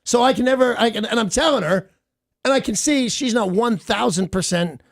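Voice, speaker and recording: A middle-aged man, a radio host, telling an animated story in a casual talk segment and mimicking other people's voices. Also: very high-pitched, fairly quick, gravelly, no echo, clean studio sound.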